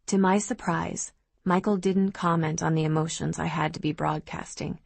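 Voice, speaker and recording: Low-voiced woman reading an audiobook. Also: steady tone, normal speed, creaky, no room sound. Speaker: audiobook narrator. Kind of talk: first-person audiobook narration.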